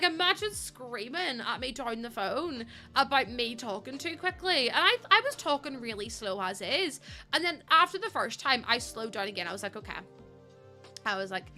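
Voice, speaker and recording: A woman's voice: on the high side, pushed and bright. A young woman, chatting casually to viewers while live-streaming a building game, laughing often. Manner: chatty, laughs often, acts out quoted voices.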